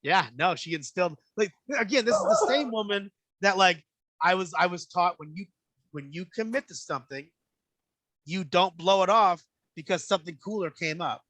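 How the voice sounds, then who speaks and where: A man spinning stories in a loose, profane podcast chat, jumping into little voices for the people in them. His tone is bright and forward, a bit higher than most men. The sound is dry and close with no room around it. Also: moderate pace, no echo. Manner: animated storyteller, acts out quoted voices, swears freely. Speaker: podcast guest. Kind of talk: casual storytelling chat.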